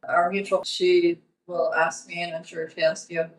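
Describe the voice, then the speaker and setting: A woman's voice: fairly low pitch, flat delivery, moderate pace. A woman hosting a podcast interview, supportive and faith-focused, with many short affirmations. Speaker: podcast host. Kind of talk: casual interview. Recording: roomy, distant mic.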